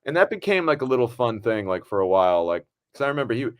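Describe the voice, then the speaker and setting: A man hosting a casual podcast, telling animated anecdotes and acting out the quotes. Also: mid-range voice, quick pace. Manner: animated storyteller, acts out quotes. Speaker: podcast host and film director.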